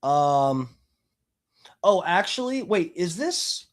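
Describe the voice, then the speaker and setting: High-voiced man ranting on a stream. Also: sing-song, slow pace. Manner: profane, mocking, agitated. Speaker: streamer host. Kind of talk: live stream commentary.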